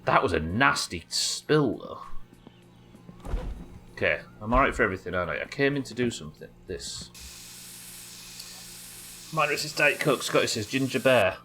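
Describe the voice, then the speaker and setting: A man commentating his game live, with an animated voice that swings up and down. He chats with viewers and muses aloud as he plays. Faint music sits behind him. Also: mid-range voice, normal speed, long pauses. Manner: chatty, thinks aloud and thanks viewers. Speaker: streamer.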